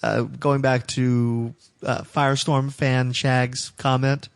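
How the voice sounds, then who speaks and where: A man's voice: mid-range voice, flat delivery, slow, gravelly, smooth. A man co-hosting a comics podcast, reading listener comments and giving opinionated, wry takes in casual chat. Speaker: podcast co-host.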